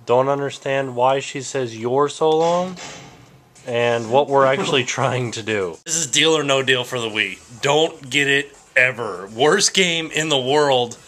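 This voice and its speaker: A man's voice: medium pitch, unhurried, a bit bright, slight background noise. A man hosting his own daily vlog at home, chatting casually and complaining in a joking, exaggerated way. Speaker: vlog host. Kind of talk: casual chat.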